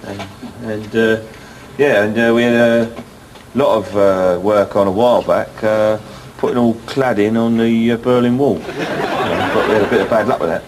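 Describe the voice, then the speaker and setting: A man playing a rambling deadpan builder. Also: on the low side, natural voice. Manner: halting, filler-heavy, dry deadpan. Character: middle-aged male builder, rambling, hesitant. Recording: loud background noise.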